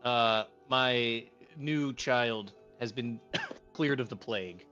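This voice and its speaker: A man's voice: medium pitch, takes it slowly, pushed and bright, dull audio, faint music behind. A man chatting casually on a voice call, giving wry, rambling explanations. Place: online voice call.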